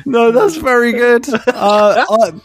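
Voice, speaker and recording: A man's voice: fairly high pitch, lively intonation, normal speed. A man co-hosting a podcast and running a game, playful and teasing in casual chat.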